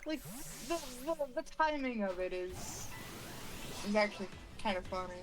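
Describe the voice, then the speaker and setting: A British woman streaming a game, chatting casually with a friend, self-mocking and quick to restart her sentences. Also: mid-range voice, expressive, music in the background, low-quality recording. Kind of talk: casual gameplay chat.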